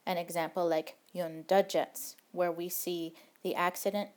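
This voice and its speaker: A woman teaching a recorded language lesson, explaining rules patiently and step by step. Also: fairly low pitch.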